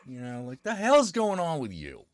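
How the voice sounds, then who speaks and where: A man's voice: on the high side, wildly swooping pitch, moderate pace, no echo, studio quality. A man hosting a casual podcast, joking in a sarcastic, profane way. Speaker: host.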